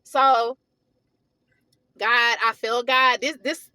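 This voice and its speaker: Casual woman vlogger, fairly high and bright, venting hard in slangy talk. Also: extremely slow. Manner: animated, venting, heated. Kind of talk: casual storytelling vlog.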